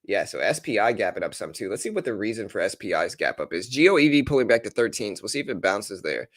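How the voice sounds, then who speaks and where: A man hosts a live trading stream, casually discussing stock moves and talking straight to chat viewers. His low-leaning voice moves fast with big pitch swings, recorded with clean studio sound and no room sound.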